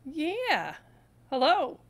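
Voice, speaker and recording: A woman's voice: sits high, huge pitch swings, extremely slow. A woman hosting a reaction commentary, exasperated and stammering as she talks back at a clip. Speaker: commentary channel host.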